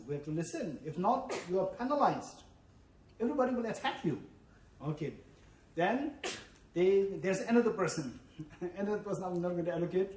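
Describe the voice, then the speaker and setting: A man teaching as a Buddhist teacher, animated, acting out quoted voices and often asking "yes, no?", a native Tibetan speaker. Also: high-pitched. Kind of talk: dharma teaching. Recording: echoey room, from far off.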